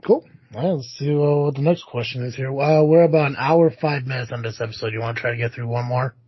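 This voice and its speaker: A man hosting a podcast in relaxed, casual chat, with many filler words. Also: medium pitch, fast, husky, dry recording. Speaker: podcast host. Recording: dry, lo-fi.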